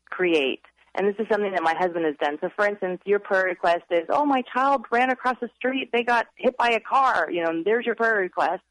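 A woman's voice: on the low side, no room sound, rough recording. A woman author, a guest on a radio interview, earnestly giving upbeat parenting advice.

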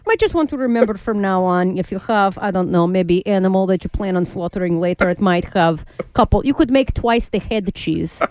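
A woman voicing a flustered TV newscaster with a fake Russian accent, in halting broken English. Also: mid-range voice, lively intonation, a little mellow, no room sound, close to an everyday voice.

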